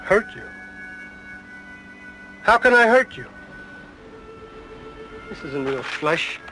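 An actor playing a bitter, lonely male prisoner in a vintage TV drama, shouting accusations. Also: high-pitched, very animated, slow, faint music behind, heavily acted, poor audio. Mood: bitter, furious.

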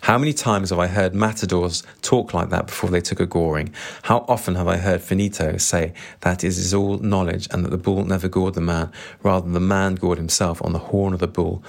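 A fierce, bitter middle-aged woman, as a male reader puts her on, scornful and hard. The voice stays low and close to the reader's own. It is heard as part of a spoken reading of a novel. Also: fairly even intonation, a little fast, creaky, hardly any pauses.

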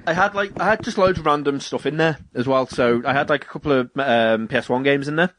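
A man's voice: medium pitch, fast, a bit bright, slight background noise. A young British man co-hosting a podcast, rambling through stories and acting out what people said, with frequent laughs. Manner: rambling storyteller, acts out quotes, laughs often. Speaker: podcast co-host. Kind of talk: casual chat.

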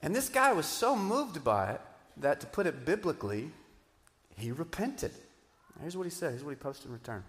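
Animated man preaching in a reverberant hall. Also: fairly high pitch, moderate pace. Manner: animated, swinging between loud emphatic bursts and quiet asides. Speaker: pastor. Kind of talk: sermon. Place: church auditorium.

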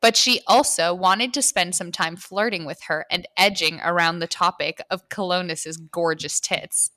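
Bright, low-voiced woman reading erotica. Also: normal speed, dry recording, clean studio sound. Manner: amused, breaks into laughter between passages. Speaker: podcast host and story reader. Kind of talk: reading erotic fiction aloud with banter.

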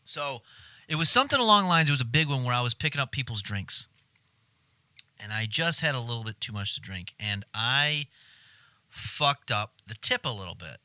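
A man in casual conversation who tells stories animatedly, swears freely and acts out his own shouting. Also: medium pitch, very animated, normal speed, no echo. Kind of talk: casual chat.

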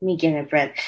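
A young woman from Myanmar speaks as an interview guest in a fairly low voice. She talks earnestly and from the heart, with many small fillers as she gathers her thoughts. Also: darkish tone, rough recording. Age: young adult. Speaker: guest, student activist. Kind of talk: emotional interview conversation.

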